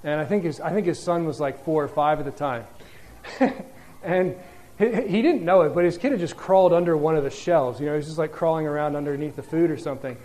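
A man's voice: fairly high pitch, fast talker, dark tone. A man preaching a sermon in a conversational, explanatory way, often restarting his sentences.

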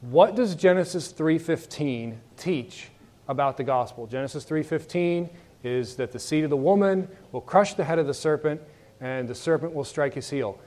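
A man's voice: a little high, moderate pace, a little mellow. A man teaching a Bible lesson to a class in a conversational way, asking his students questions.

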